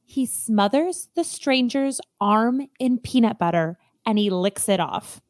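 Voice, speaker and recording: A woman co-hosting a podcast in casual comedic chat, animated and jokey, acting out quotes. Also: fairly high pitch, a little slow. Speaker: podcast co-host. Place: Chicago.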